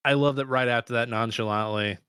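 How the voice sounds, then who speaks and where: A wry man co-hosting a movie podcast, reacting with blunt swearing and lively disbelief. His voice sits in an ordinary middle range. It sounds close and dry, with no room around it. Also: medium pitch, a little fast, clean tone, no echo. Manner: wry, profane, animated reactions. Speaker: podcast co-host. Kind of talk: casual movie review chat.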